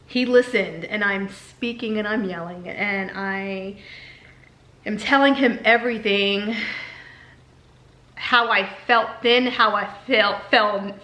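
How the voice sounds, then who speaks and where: A woman's voice: mid-range voice, pushed and bright. A woman candidly telling a personal story in a vlog, emotional and repeating herself as she talks. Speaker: vlogger. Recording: echoey room.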